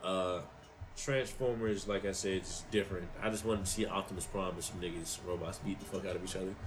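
A man's voice: low-pitched, steady tone, fairly quick, slight background noise, poor audio. A young man co-hosting a stream, chatting casually in a slangy, profane way. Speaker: stream co-host. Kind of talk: casual chat.

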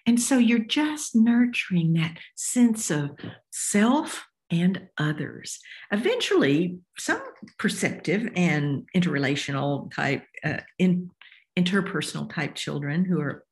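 Lively, low-voiced older woman author. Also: unhurried. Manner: expressive, acts out voices while explaining. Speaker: author and guest. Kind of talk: interview conversation.

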